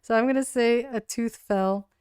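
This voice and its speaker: A woman's voice: fairly high pitch, normal speed, a little mellow, smooth, no echo, clean studio sound. A woman streaming a solo tabletop game, narrating casually with many likes and ums. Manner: rambling, full of likes and ums, giggly.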